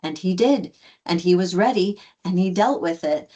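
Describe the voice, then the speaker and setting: An American woman, a guest and adoptive mother, tells an animated story in conversation, speaking at a normal pace with a lowish voice. She acts out the quoted lines and restarts many times.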